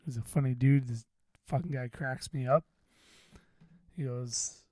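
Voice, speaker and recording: A man's voice: medium pitch, normal speed, long pauses, mellow, no room sound. A man hosting a podcast, telling a story in a rambling, profane, self-deprecating way. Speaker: podcast host. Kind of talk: casual venting monologue.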